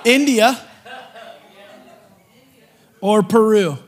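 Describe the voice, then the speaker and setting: A man preaching to a live group, telling a funny testimony story in an animated, joking way. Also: high voice, very slow. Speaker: guest preacher.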